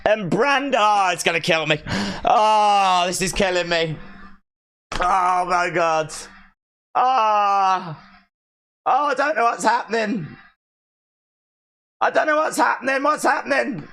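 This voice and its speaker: Excitable high-voiced gravelly streamer man. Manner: emotional, excitable, often shouting; reads viewer chat comments aloud. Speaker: wrestling watch-along streamer. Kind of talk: live reaction commentary.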